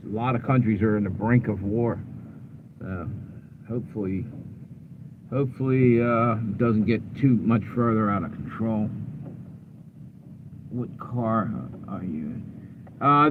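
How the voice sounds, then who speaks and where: A man from Delaware chatting casually with viewers during a live stream from his parked car, low-key and tired. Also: slow pace, long pauses. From Delaware, USA. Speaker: livestream host. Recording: phone-like audio with clear road and car noise.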